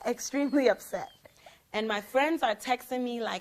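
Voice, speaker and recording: A young woman host telling a personal story in casual chat, acting out the quoted lines with lively emphasis. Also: a little high, normal speed. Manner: animated, acts out quoted lines. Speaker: prophetess and show host.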